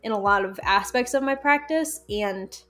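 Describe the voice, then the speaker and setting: A woman guest in a casual interview, talking in a lively, chatty way with frequent laughs and fillers. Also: medium pitch, normal speed, soft background music. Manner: animated, chatty, laughs often, many fillers. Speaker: guest, folk magic practitioner.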